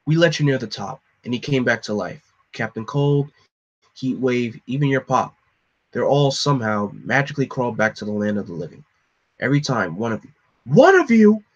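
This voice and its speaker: A man voicing a weary government agent who talks down in a low, quiet, condescending way in a comic reading. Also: fairly quick, muffled recording, natural voice. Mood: cold, dismissive.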